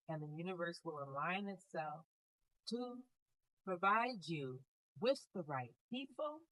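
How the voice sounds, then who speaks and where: A woman giving a casual spiritual card reading, speaking calmly and musingly with a melancholy air. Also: lowish voice, dry recording, low-quality recording. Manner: calm, unhurried, musing with soft laughs. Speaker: tarot reader.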